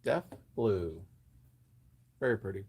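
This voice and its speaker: A woman's voice: very deep voice, expressive, takes it slowly, a little mellow, slightly rough. Easygoing woman co-host reading comments. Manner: easygoing, laughs often, relays comments. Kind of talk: casual live chat.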